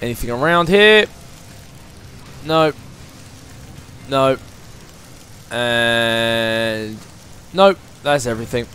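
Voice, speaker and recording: A man chatting excitably through his let's play commentary as he plays a video game, thinking aloud as he goes. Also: medium pitch, very slow, long pauses, slight background noise. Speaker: gaming channel host.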